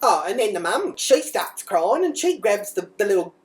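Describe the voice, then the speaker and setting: A woman's voice: mid-range voice, very animated, normal speed. A woman, a mother telling a comic story in character, blunt and crude, swearing freely and rambling off on asides.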